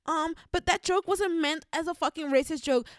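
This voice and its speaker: A woman's voice: very high voice, normal speed, no room sound, studio quality, pitched above the performer's own voice. Woman doing a whiny tearful teenage boy. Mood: pleading. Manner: whiny, pleading. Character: teenage schoolboy, tearful and whining.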